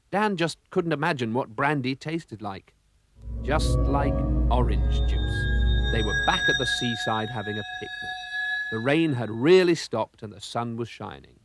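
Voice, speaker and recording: A man narrating a storybook cartoon with a lively, expressive storytelling manner. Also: medium pitch, dry recording, clean studio sound.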